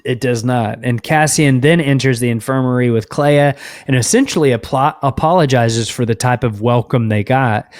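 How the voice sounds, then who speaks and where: A man co-hosting a podcast walks through the plot at a steady, casual clip, with plenty of fillers along the way. His voice sits at an ordinary middle pitch. The recording is close and completely dry. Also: no echo. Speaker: podcast co-host. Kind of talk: casual recap chat.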